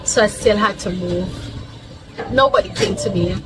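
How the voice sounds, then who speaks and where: A woman's voice: mid-range voice, moderate pace, very noisy. A Jamaican woman vlogger telling a personal story in an emphatic, heartfelt way, stacking lists and repeating herself for weight. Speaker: vlogger, mother. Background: background music.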